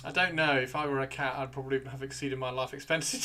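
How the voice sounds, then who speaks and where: Chatting casually while gaming, a livestream host rambles to himself as he browses, dropping the odd swear. He talks fast with hardly any pauses, his medium-pitched voice fairly even in intonation and bright and forceful in tone. There's slight background noise.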